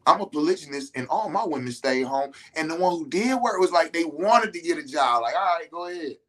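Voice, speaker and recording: A middle-aged man hosting a podcast, giving a profane, preachy monologue to male listeners and jumping between calm talk and shouting. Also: fairly high pitch, a little fast. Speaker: podcast host.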